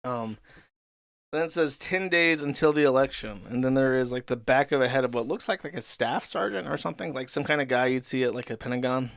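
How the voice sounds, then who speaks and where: A man hosting a show, giving rapid, deadpan, mocking commentary on internet content. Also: mid-range voice, vocal fry, dry recording, clean studio sound. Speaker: show host. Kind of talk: sardonic commentary on online content.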